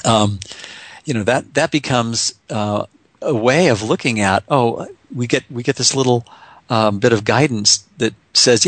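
Halting, reflective man in dry sound. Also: medium pitch, fairly bright tone, dry recording. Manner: halting, many restarts and repeated words. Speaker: author guest. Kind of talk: casual reflective conversation.

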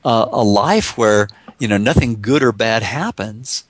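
A man's voice: on the low side, animated, unhurried, no echo. A man talking in a casual, reflective way as a guest author, often restarting and repeating words.

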